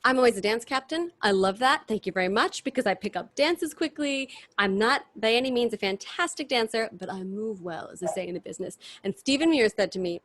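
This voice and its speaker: A woman, chatting as an interview guest in animated, restart-filled stories over a video call. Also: on the high side, brisk, few pauses. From New York City. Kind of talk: casual chat.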